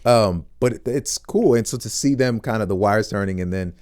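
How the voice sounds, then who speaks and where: A young man telling a story in a casual interview, animated and acting out what people said. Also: normal speed. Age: young adult. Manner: animated, acts out quotes in high squeaky voices. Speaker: voice actor guest.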